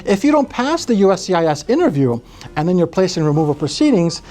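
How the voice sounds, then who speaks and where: A man from Brazil, an immigration lawyer, explaining cases in a podcast interview with animated delivery. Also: sits high, fast. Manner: animated, acts out quotes in other voices.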